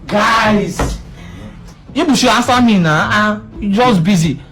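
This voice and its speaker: A man's voice: high-pitched, slow, a bit bright, husky, faint music behind. A man with a Nigerian accent acting in a comedy skit, complaining and puzzled.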